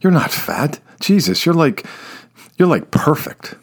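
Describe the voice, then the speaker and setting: A man doing a dim young pitcher, high and excitable. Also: unhurried, vocal fry, husky, heavily acted. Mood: gushing. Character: young male star baseball pitcher, slow-witted.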